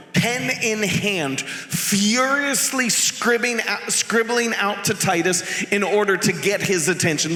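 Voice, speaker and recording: A man preaching a sermon as pastor, animated and jokey, acting out quotes from the passage. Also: high voice. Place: church sanctuary. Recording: echoey church hall.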